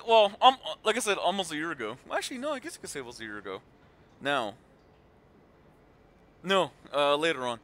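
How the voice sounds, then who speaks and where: A man in his thirties talks casually over his game stream, rambling with many fillers and restarts. His voice sits high and swings widely in pitch. It has a bright, forceful edge. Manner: animated retelling with voiced quotes. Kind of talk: casual chat while gaming.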